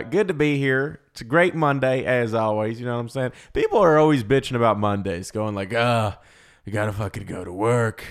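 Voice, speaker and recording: A young man hosting a comedy podcast, talking in a loud, crude, joking way. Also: on the high side, smooth. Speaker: podcast host. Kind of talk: casual comedy podcast chat.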